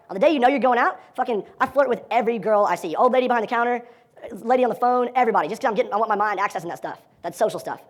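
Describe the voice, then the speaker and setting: A man teaching a live dating seminar, energetic and profane, acting out quoted lines as he talks to his audience. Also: high-pitched.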